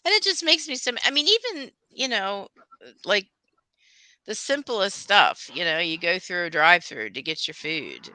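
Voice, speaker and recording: A man's voice: high voice, dry recording. A man chatting casually, agreeing often and restarting his sentences. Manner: animated, agreeable, halting restarts. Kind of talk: casual chat.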